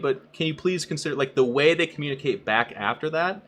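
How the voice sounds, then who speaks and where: Bright-voiced profane man in casual chat. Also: fairly high pitch, a little fast, hardly any pauses. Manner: blunt, profane, animated, acts out quotes in raised voice. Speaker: podcast co-host and streamer.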